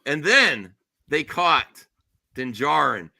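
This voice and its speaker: A middle-aged man chatting casually as a podcast host, his voice bright and lively, jumping between low asides and high, excited bursts. The sound is dry and close. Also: takes it slowly, creaky, slightly rough, no room sound. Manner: animated storyteller, mimics his wife in high squeals. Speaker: show host.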